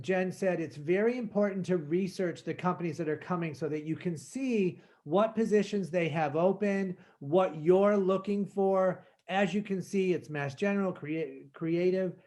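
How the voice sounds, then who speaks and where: Career specialist, man, relaxed and conversational, somewhat high voice. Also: unhurried, few pauses. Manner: friendly, loose and conversational. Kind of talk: online workshop presentation.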